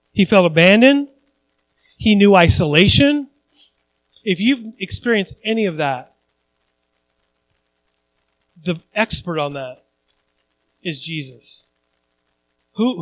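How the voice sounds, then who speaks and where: A male pastor preaching a conversational sermon, earnest and repeating phrases for emphasis. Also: sits high.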